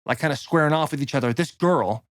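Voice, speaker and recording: Fast-talking man telling a rowdy story. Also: fairly high pitch, dry recording, clean studio sound. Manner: rowdy, animated storyteller acting out quotes. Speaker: podcast co-host. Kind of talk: casual storytelling.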